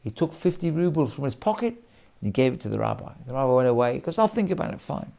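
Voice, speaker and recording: A man, a rabbi, giving an animated sermon full of stories, acting out quotes with frequent restarts. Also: medium pitch, fast talker, creaky. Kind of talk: sermon storytelling.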